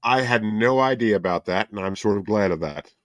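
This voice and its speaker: A man's voice: on the low side, fairly quick, no echo. A man co-hosting a casual podcast chat, joking around and laughing often. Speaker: co-host.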